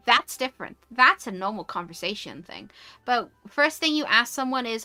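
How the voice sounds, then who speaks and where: A British woman chatting casually on a stream, animated and quick to rant, swearing freely. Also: mid-range voice. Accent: British English. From United Kingdom. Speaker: VTuber streamer. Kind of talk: casual chat.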